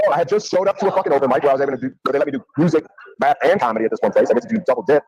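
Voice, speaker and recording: Casual, profane storyteller; male, husky, very fast, dry close sound. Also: medium pitch, a little mellow, no echo, muffled recording. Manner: rapid, profane, acts out quotes. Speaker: guest telling a story.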